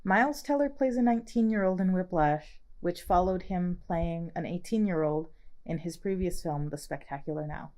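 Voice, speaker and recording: A woman's voice: on the low side, moderate pace, darkish tone. Chatty woman podcast host. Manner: chatty, filler-heavy, laughs easily. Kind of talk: casual chat.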